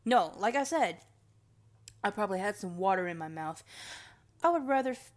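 A woman's voice: medium pitch, animated, moderate pace, long pauses. A woman reviewing sodas in a rambling, self-correcting casual monologue, her words a little slurred. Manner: rambling, restarts often, talks to herself; slightly slurred. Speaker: soda review vlogger.

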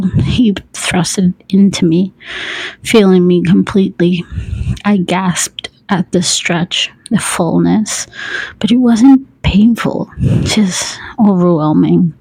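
A woman narrating an adult story in a soft, breathy, intimate whisper, with quiet laughs. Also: lowish voice, slow pace, dry recording, low-quality recording.

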